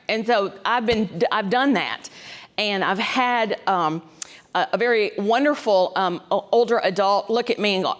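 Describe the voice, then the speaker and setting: A woman's voice: medium pitch, moderate pace. Chatty woman teaching caregivers. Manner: conversational, folksy, frequent ums and asides, keeps checking in with "right?". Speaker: dementia specialist. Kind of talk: educational talk to caregivers.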